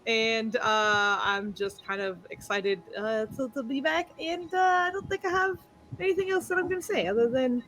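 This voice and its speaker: A woman's voice: high voice, animated, normal speed, a bit bright, a little hiss or hum. A woman introducing her tabletop character, giggly and scatterbrained. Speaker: player. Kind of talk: casual tabletop chat.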